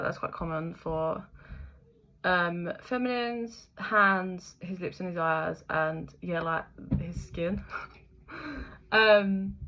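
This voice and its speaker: A woman's voice: on the low side, creaky, a bit bright, lo-fi sound. A young woman giving a casual, chatty spiritual reading, full of fillers, the odd swear word and frequent laughter. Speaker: intuitive reader.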